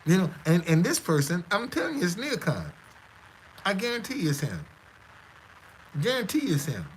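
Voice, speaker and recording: A man talks to his live-stream audience in a casual, defiant monologue. He stammers and repeats himself, with a high, lively voice. Faint noise sits behind him. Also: normal speed, rough recording.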